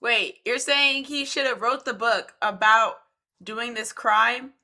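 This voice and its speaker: A woman's voice: a little high, fairly even intonation, slow pace, bright, forceful tone. A young woman giving casual, slangy reaction commentary as she talks back to a clip. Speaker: reaction video host.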